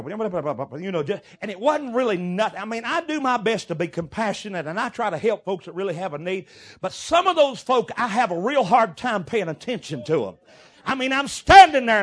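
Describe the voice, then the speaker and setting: A middle-aged man preaching a sermon, telling folksy stories and breaking into shouted bursts. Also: sits high. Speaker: pastor.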